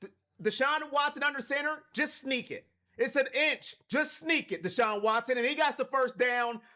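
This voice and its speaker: A man's voice: very high voice, moderate pace. A man from Cleveland hosting a live watch party stream, calling plays and talking to his chat. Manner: hypes chat, shouts on big plays.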